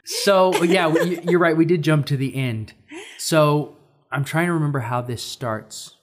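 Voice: medium pitch, measured pace, noisy background. A podcast co-host in casual chat, rambling and searching for words as they talk.

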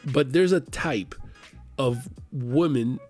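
A man's voice: mid-range voice, slow pace, faint music behind. A man in his thirties from the Miami area, telling a profane story in casual chat and acting out the voices of the people in it. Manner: profane, animated storyteller who acts out quotes.

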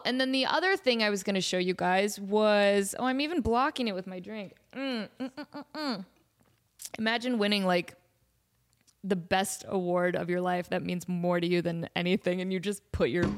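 Animated woman host in her thirties, casual storytelling, giggly and upbeat. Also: mid-range voice. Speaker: podcast host.

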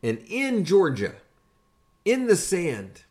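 An older man hosting a podcast, casually telling army stories in an animated, conversational way and building up to punchlines. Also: high voice, slow. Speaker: podcast host and army veteran. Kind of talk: casual storytelling.

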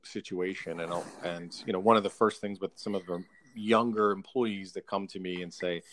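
A man hosting a casual interview, relaxed and quick with short agreements. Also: deep voice. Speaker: podcast host.

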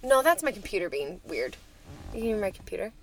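A woman's voice: medium pitch, sing-song, a little fast, a little hiss or hum. A woman co-hosting a casual podcast from a parked van, giggly and storytelling, with lots of "like". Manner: giggly, storytelling, says "like" a lot. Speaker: podcast co-host. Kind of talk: casual chat.

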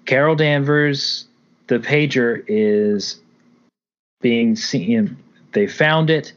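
A man co-hosting a podcast, recapping and reviewing a film in animated, casual chat with the odd swear word. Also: mid-range voice, extremely slow. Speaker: podcast co-host. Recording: dull lo-fi audio.

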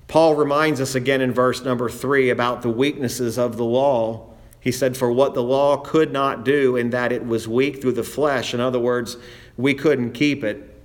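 A man preaching an expository sermon, reading scripture aloud and slowing down to stress key phrases. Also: mid-range voice, steady tone. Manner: quotes scripture in old-fashioned wording.

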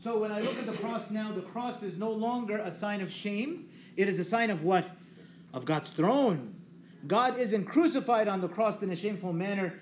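A priest delivers a teaching sermon in a high, bright voice. He keeps the talk lively and puts questions to the listeners before answering them himself. The recording is dull and roomy, with a faint hiss behind it. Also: normal speed. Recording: echoey room, dull lo-fi sound, faint hiss.

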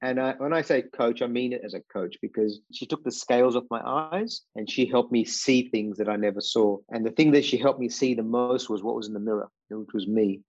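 A man's voice: mid-range voice, darkish tone, dry recording, lo-fi sound. A man in his sixties who grew up in England, a podcast guest earnestly recounting his childhood with many fillers and restarts. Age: 60s. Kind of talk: reflective personal storytelling.

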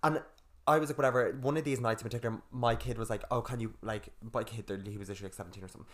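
A man's voice: medium pitch, steady tone, very fast. A young man co-hosting a podcast, rambling through stories in casual chat full of slang and swearing. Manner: rambling storytelling with crude slang and filler words. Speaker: podcast co-host.

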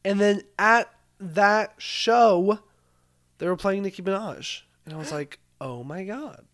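A young man co-hosting a podcast, chatting casually in an animated, joking way and swearing freely. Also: high voice, slow. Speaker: podcast co-host. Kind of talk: casual chat.

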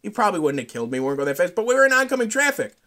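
A man hosting a solo podcast, telling a profane, rambling story that climbs into loud outbursts. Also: high voice, big pitch swings, rapid-fire. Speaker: podcast host.

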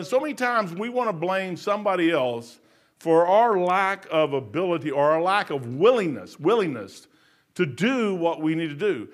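A man's voice: sits high, fairly bright tone. A man in his sixties preaching a sermon in an emphatic, folksy, repetitive way. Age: 60s. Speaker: pastor.

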